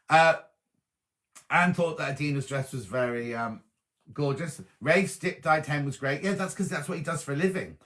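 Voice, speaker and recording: A man's voice: on the high side, lively intonation, normal speed, fairly bright tone. A man hosting a casual live stream, chatting and reading viewer comments aloud and answering them. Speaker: host reading live chat.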